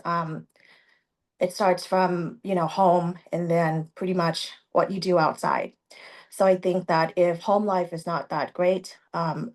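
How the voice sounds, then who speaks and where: Soft-spoken, hesitant woman, lowish voice. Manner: hesitant, many fillers. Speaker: coaching participant. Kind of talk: reflective group share.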